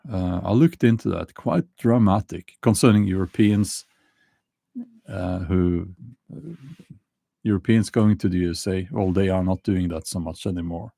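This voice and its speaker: A middle-aged man with a Norwegian accent chats slowly and hesitantly on his livestream, filling pauses with ums and dry chuckles. His low voice is gravelly and mellow, and it sounds close and dry, with no room echo. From Norway. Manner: slow, hesitant, many fillers and dry laughs. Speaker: livestream host. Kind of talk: casual livestream chat.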